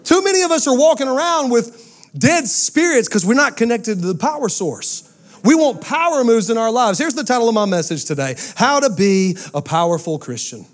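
A man, preaching a sermon to a church crowd with lively storytelling and call-outs to the congregation. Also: very high-pitched, moderate pace. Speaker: pastor. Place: church sanctuary with a live audience.

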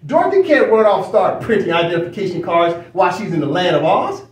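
A man's voice: high-pitched, sing-song, fast talker, roomy sound, distant mic, a little hiss or hum, poor audio. A man leading a study session, lecturing emphatically with repeated phrases and rhetorical questions. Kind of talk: lecturing while reading from a screen.

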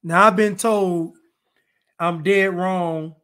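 A man's voice: high voice, fairly even intonation, slow pace, sharp tone, clear, resonant tone. A man hosting a live podcast stream, chatting casually, joking, repeating himself and thanking viewers. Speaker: podcast host.

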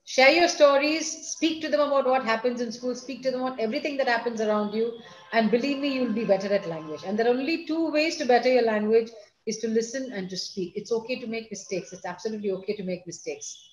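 A middle-aged school principal with an Indian English accent answers questions in an online seminar, speaking fast in a slightly high voice and repeating points for emphasis. The video-call audio sounds echoey and dull.

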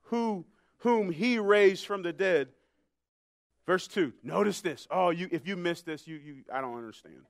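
High-voiced preacher shouting in dry sound. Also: male voice, animated, measured pace, long pauses, no echo. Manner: fiery preaching that swings from hushed to shouting. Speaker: pastor. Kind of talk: sermon. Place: church sanctuary.

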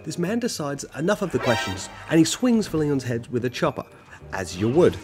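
A man's voice: a little high, sing-song, fairly quick, over music. Joking man recapping a game. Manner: joking, self-mocking asides. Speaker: gaming channel narrator. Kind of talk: casual comedic game story recap.

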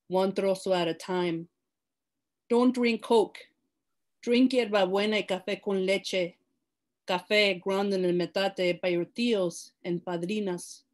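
A woman's voice: mid-range voice, darkish tone. A woman poet reading her own poem aloud over a video call, building intensity as she reads. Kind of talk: poetry reading.

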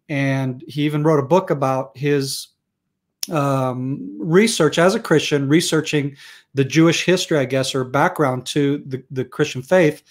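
A middle-aged man from Israel speaks with a fairly high voice in a relaxed interview. He tells stories in an animated way and laughs often. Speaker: interview guest. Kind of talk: conversational interview.

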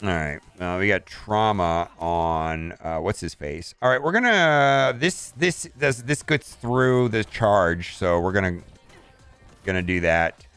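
A man's voice: low-pitched, expressive, slow pace, fairly bright tone, clear, resonant tone, soft background music. A man casually commenting on his mobile game as he plays, thinking aloud and restarting his sentences often.

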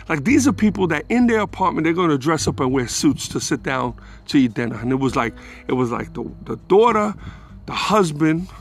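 A man telling a rambling, profane personal anecdote in a casual, animated way. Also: a little high, gravelly. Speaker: storyteller.

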